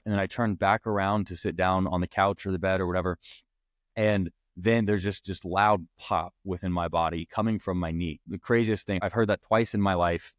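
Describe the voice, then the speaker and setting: A man's voice: low-pitched, no echo, clean studio sound. A young man hosting a podcast, earnestly telling personal stories in a rambling way with restarts. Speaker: podcast host. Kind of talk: personal storytelling.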